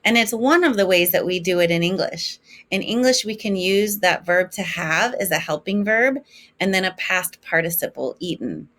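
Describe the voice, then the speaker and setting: A woman teaching a French lesson in English, slowly modeling each French form for her students to repeat. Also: on the low side, lively intonation, a bit bright. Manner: slow, clear modeling of French forms for repetition. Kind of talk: recorded classroom lesson.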